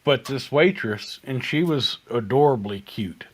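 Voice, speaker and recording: A man's voice: medium pitch, lively intonation, a little slow, slightly rough. Laid-back male host telling a bar story. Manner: swears freely, laughs through anecdotes. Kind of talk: casual chat, storytelling.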